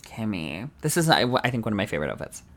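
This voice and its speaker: A man co-hosting a podcast in casual chat, animated and laughing often, with the odd swear word. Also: fairly low pitch, quick pace. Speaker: podcast co-host.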